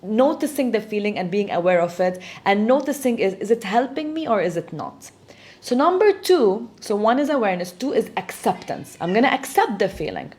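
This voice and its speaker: A woman's voice: mid-range voice, very animated, a little fast, a little mellow. A woman hosting a self-help talk, explaining steps in an earnest coaching manner and often checking in with "right?". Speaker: host.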